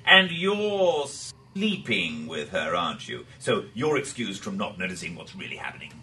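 An actor playing a smug, sharp-witted male doctor held captive, arch and theatrical. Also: low-pitched, very animated, moderate pace, far from the mic, a little hiss or hum, exaggerated voice. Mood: mocking.

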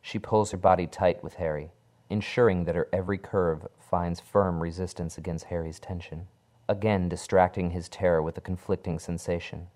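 Deep-voiced man narrating a horror tale. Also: steady tone. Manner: dark, measured storytelling. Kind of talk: dramatic horror story reading.

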